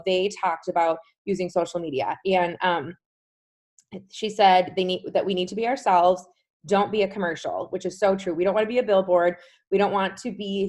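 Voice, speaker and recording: Chatty woman hosting a video call. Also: mid-range voice. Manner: chatty, says "like" often, warm enthusiasm. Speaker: host of a group video call. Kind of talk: casual recap talk.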